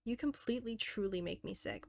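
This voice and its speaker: A woman reading aloud as a self-aware teenage game girl, earnest and intimate, softly pleading. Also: medium pitch, brisk, vocal fry, a little hiss or hum, lightly acted. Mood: bitter.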